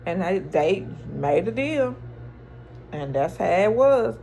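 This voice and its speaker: A woman's voice: mid-range voice, big pitch swings, slow pace, gravelly, warm tone, a little hiss or hum. A woman recapping a TV episode in chatty, slangy storytelling, acting out the characters' lines. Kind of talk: casual TV recap.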